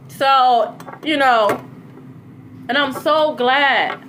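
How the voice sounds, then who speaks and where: High, bright-voiced woman ranting. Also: normal speed, a little hiss or hum. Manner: animated, swings from low to high, curses freely. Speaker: spiritual content creator. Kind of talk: casual monologue.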